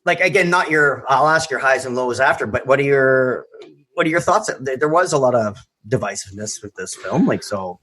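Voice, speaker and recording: A man's voice: mid-range voice, a little fast. A man hosting a podcast round table, talking in a meandering, casual way. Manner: meandering, lively questions. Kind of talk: casual chat.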